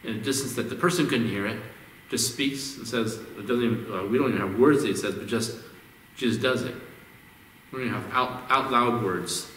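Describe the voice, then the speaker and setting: A man's voice: mid-range voice, a little fast, a bit bright, a little hiss or hum. A male pastor preaching a conversational sermon, often repeating words as he restarts his phrases. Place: church sanctuary. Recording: echoey hall, distant mic.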